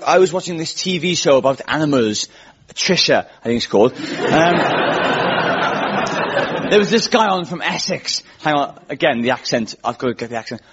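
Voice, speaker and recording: A man hosting a live comedy show, delivering a wry, deadpan monologue before an audience. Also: a little high, moderate pace, very noisy. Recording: dull lo-fi live recording with audience laughter.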